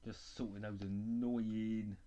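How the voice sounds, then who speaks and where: A man's voice: lowish voice, level tone, takes it slowly, dark tone. A man from England with a mixed London and Dublin accent, giving casual live-stream football commentary and chatting with viewers. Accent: mix of London and Dublin. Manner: chatty, reading viewer chat between plays.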